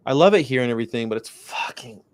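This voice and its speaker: A man's voice: mid-range voice, expressive, quick pace, clean tone, dry recording. A man hosting a livestream, chatting casually over a video call, rambling from story to story and swearing freely. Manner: rambling, profane, anecdotal. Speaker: livestream host. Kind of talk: casual chat.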